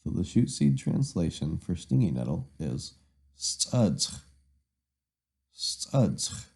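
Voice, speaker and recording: A man teaching pronunciation outdoors, slow and deliberate, syllable by syllable. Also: low-pitched, big pitch swings, creaky, warm tone, slightly rough. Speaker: language instructor. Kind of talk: pronunciation drill.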